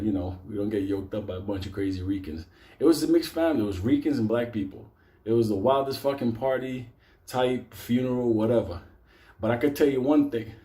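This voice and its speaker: A man's voice: on the low side, dark tone. A man telling a story to a live audience, swearing constantly and laughing as he goes.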